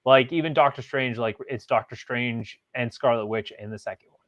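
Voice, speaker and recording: A man in the middle of the male pitch range hosts a podcast, talking casually and rambling as he works through his points. His audio sounds slightly dull and muffled. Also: normal speed, fairly bright tone. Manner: rambling, leans on "like" and "literally". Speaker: podcast host. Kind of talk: casual chat.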